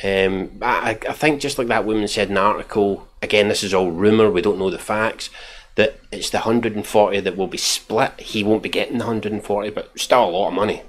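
A man's voice: lowish voice, steady tone, fairly quick. A Scottish man giving mocking, profane reaction commentary while reading out tweets. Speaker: commentary channel host.

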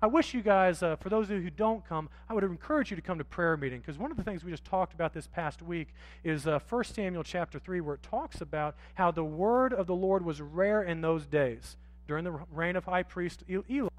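Man, pastor, church sermon, very high voice, dry close sound, quiet asides and loud emphasis. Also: brisk, hardly any pauses, no echo. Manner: acts out voices of street sellers and confessing sinners. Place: church sanctuary.

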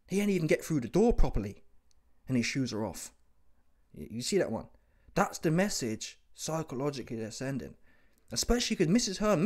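A man's voice: on the high side, a little mellow, slightly rough. A man hosting a comedy reaction monologue, teasing and laughing, asking "yeah?" again and again. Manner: streetwise slang, asks "yeah?" constantly; playful, teasing, laughs often.

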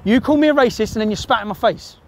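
A man in a heated shouting and swearing confrontation in an outdoor car park. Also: high-pitched, fast talker. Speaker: activist filming a confrontation.

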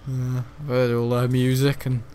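A man's voice: medium pitch, flat delivery, normal speed, dark tone, a little hiss or hum. A man giving casual, rambling gameplay commentary, joking and laughing often. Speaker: gaming channel host.

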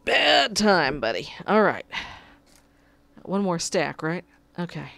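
A woman with a low-pitched voice talks through a tense game in an unhurried, offhand way. She mutters her plans out loud, sighs, and keeps pleading with her cat to settle down. It sounds like a desk microphone close to a computer. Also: big pitch swings, vocal fry. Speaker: gamer. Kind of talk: casual gameplay commentary.

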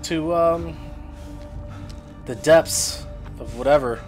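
A man's voice: on the high side, takes it slowly, soft background music. A young man hosting a horror game playthrough, chatting casually and exclaiming often. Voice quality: jumpy, exclaiming and talkative. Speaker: gaming video host. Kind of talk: casual let's-play commentary.

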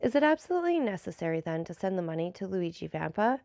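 Storybook young gentleman, earnest and eager, gravelly hint, dry sound, read by a woman. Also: fairly low pitch, big pitch swings, fast, no echo.

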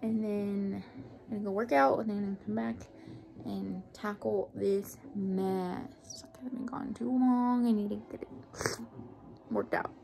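A woman's voice: medium pitch, steady tone, a little slow, vocal fry, warm tone. A young adult woman vlogging casually from her car, chatty and self-deprecating, often laughing at herself. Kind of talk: casual vlog chat. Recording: background music under voice.

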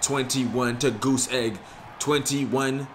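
A young man giving casual, slangy commentary on his own video game play, excitable and frustrated. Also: medium pitch, slow pace, noisy background. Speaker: gaming YouTuber.

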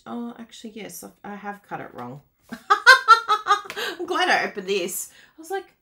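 A woman with a mid-range voice demonstrates card-making live, chatting with her viewers, reading out their comments and laughing often. There's a little hiss or hum in the recording.

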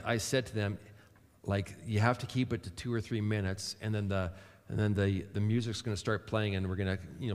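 A male pastor talks to the congregation in a loose, conversational way, often restarting his sentences. His voice sits a little low, and a long reverb from the church hall trails after his words. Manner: relaxed, chatty with restarts. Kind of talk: church service talk. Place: church sanctuary.

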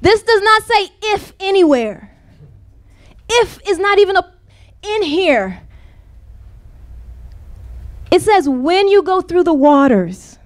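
A woman gives a passionate church sermon in a strikingly high voice. She presses her points by circling back to the same refrains again and again. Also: very animated, a little slow. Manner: impassioned, repeating refrains. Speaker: preacher.

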